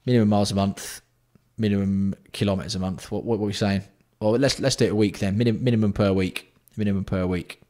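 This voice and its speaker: A man hosting a casual livestream, bantering with chat and swearing freely while keeping his voice fairly hushed. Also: fairly low pitch, steady tone, quick pace. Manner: banter-filled, sweary, reads out and answers chat. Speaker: livestream host.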